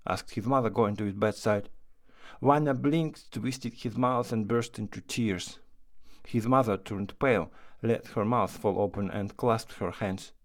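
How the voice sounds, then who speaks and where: A man narrating a classic short story in a measured reading voice. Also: on the low side.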